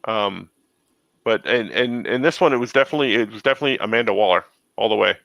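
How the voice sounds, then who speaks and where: A man's voice: lowish voice, fast, creaky, a bit bright, no echo, dull audio. A man hosting a casual chat, telling long rambling stories. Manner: rambling storyteller. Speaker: host.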